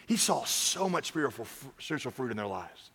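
A man preaching a sermon from a church stage, swinging between loud urging and quiet earnest talk. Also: mid-range voice, sing-song, brisk, creaky, slightly rough, big-room sound. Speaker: pastor.

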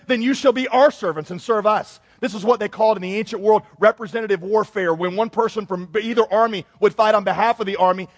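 Pastor guy cracking jokes in his sermon, fairly high voice, lots of hall echo. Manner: joking, conversational, animated. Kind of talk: humorous sermon. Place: church sanctuary. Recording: long reverb in a large hall.

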